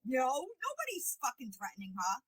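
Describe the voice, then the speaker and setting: A woman's voice: sits high, wildly swooping pitch, normal speed, a bit bright, breathy edge. A woman hosting a livestream, confronting someone in a heated, profane, mocking rant. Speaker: livestream host.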